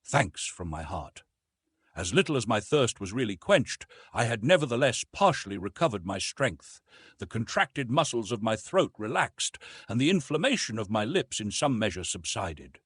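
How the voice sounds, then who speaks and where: A man narrating a classic novel as an audiobook, with expressive, measured storytelling. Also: medium pitch, slightly rough, no echo, clean studio sound.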